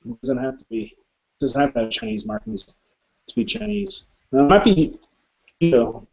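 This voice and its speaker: Blunt male chatter with a slightly high voice, muffled lo-fi voice chat. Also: sing-song, moderate pace, creaky. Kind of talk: casual chat.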